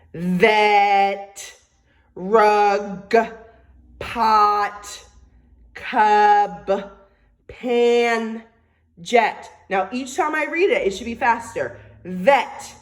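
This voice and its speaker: A woman teacher talks a young child through a phonics lesson at an unhurried pace, stretching each word out as she dictates. She repeats sentences patiently and keeps her instructions simple and encouraging, in a voice of ordinary pitch.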